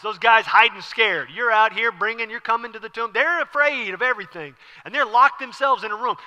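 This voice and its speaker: A man preaching an animated sermon as pastor, acting out scenes with sudden whispers and exclamations. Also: high voice, a little fast. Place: church sanctuary. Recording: church hall with long reverb.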